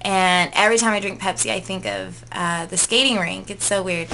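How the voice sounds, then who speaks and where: A woman's voice: lowish voice, normal speed, pushed and bright, a little hiss or hum. A woman in her twenties, a vlogger, chatting casually through tag questions in a gushing way, full of "like" and "um". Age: 20s.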